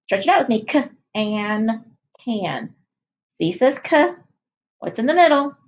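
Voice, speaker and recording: A woman teacher leading a phonics lesson for young children, cheerfully sounding out letters and words slowly. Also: fairly high pitch, very animated, lo-fi sound. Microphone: recorded at a whiteboard.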